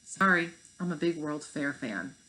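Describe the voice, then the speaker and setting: An eager, brainy young girl who knows every fact, talking briskly and earnestly, read aloud by a woman. Her voice sits somewhat low. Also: expressive, bright, forceful tone, a little hiss or hum, full character voice, poor audio.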